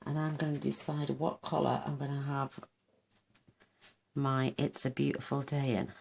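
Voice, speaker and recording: A woman's voice: rumbling low, flat delivery, normal speed, creaky, darkish tone, breathy edge. A woman hosting a card-making tutorial, chatting casually and gushing over her work as she thinks aloud. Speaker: craft channel host.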